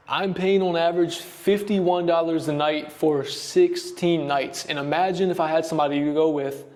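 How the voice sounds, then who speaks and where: A man's voice: fairly high pitch, darkish tone, no echo. A young American man talking casually to the camera on a solo travel vlog, chatty and enthusiastic about what he sees around him outdoors. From United States. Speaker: travel vlogger. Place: outdoors on a sunny hillside.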